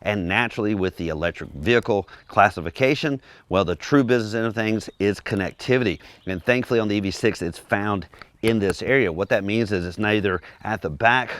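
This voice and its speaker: Low-voiced man giving a casual car review. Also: brisk. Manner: relaxed, descriptive and conversational.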